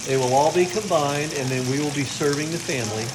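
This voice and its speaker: An older man talks through his holiday cooking in a home kitchen, his voice sitting a bit high for a man. He is chatty and playfully proud. Pans fry and sizzle loudly behind him. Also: brisk. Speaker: family cook filming a holiday video. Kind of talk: casual home video narration. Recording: home video with kitchen noise. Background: frying sizzle.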